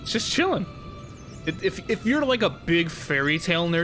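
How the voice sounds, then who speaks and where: A man's voice: fairly high pitch, sing-song, brisk, music in the background. A young man joking and sarcastic as he streams a video game casually. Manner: joking, sarcastic, breaks into silly voices. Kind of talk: casual live-stream commentary.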